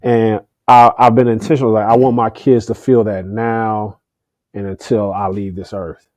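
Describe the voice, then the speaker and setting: A middle-aged man talks earnestly as a podcast guest, often repeating a word before his thought comes out. His voice is low-pitched and warm. It is recorded dry and close. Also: flat delivery, normal speed, no echo. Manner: earnest, repeats words when starting a thought. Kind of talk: candid conversational interview.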